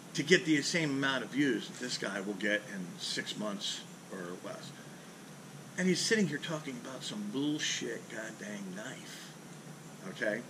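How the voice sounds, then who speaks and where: Blunt, profane man ranting outdoors. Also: medium pitch. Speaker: fishing charter captain and channel host. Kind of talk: casual ranting vlog. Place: outdoors in a driveway under a carport. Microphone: camera mounted on the back of a boat. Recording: outdoor camera audio with clear ambient noise.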